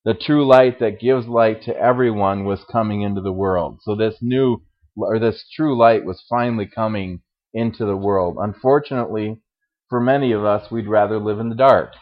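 Low-voiced male pastor preaching. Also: moderate pace, muffled recording. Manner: earnest, asks the audience questions. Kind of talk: sermon.

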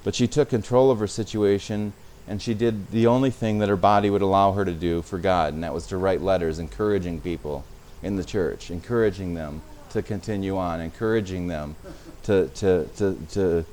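A man's voice: deep voice, normal speed, few pauses, darkish tone. A man preaching a sermon as a pastor, speaking conversationally and sometimes repeating words.

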